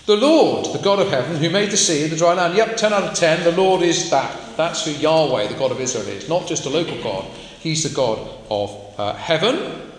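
A man's voice: medium pitch, a bit bright, a little hiss or hum. A man preaching a sermon to a congregation, talking in a conversational way and putting questions to his listeners. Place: church hall. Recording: echoey hall, faint ambience.

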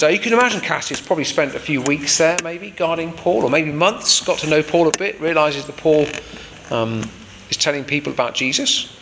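A man's voice: fairly high pitch, fairly bright tone, in a large hall, slight background noise. A man preaching a sermon in an informal, explanatory way with frequent fillers.

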